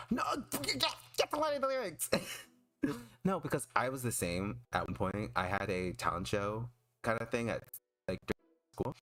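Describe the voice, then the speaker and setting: Young guy vtuber rambling on stream, low voice with vocal fry, soft music behind. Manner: rambling, hesitant, many fillers and restarts. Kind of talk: casual stream chat while drawing.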